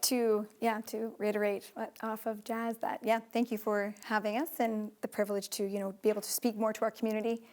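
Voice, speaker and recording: A woman candidate in a television studio giving an earnest, slightly halting campaign closing statement. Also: medium pitch, level tone, a little mellow. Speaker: election candidate.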